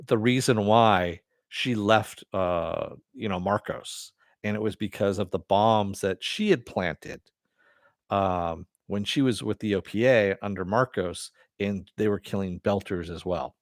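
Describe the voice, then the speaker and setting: Man, live-stream review host, casual, rambling, laughs a lot, fairly low voice. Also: no echo, clean studio sound. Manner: rambling, laughs often, many fillers. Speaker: show host.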